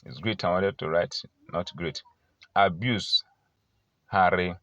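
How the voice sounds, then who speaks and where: Slow, deep-voiced man reading a word list. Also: fairly bright tone, no room sound. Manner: slow, deliberate word-by-word reading, English word then translation. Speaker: language teacher. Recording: dull lo-fi recording.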